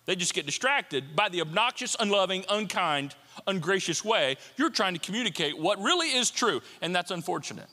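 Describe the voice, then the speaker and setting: A man preaching a sermon as a pastor, animated and playful, with jokes and asides. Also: high voice, moderate pace. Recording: long hall reverb.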